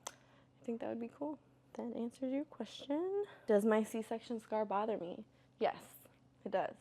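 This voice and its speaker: A young woman chatting candidly as she answers viewer questions, filling her talk with "like" and "you know" and getting loud and lively when she tells a story. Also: a little high, a little slow. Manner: gets loud and animated when telling stories. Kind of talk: casual Q&A chat.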